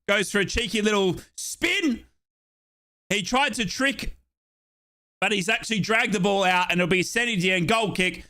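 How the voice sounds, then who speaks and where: A young Australian guy calls a football match live as a fan commentator, chatty and excitable, tossing in playful asides. His voice sits fairly high.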